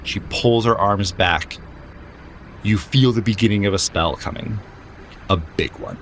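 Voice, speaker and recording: Casting: male game master, low and unhurried, dramatic descriptive narration. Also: a little hiss or hum.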